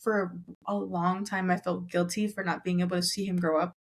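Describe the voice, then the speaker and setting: A woman's voice: lowish voice, level tone, a little fast. Young woman, Southern California, casual podcast guest, chatty and filler-heavy. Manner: chatty, heavy use of "like", acts out family members' lines. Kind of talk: casual chat.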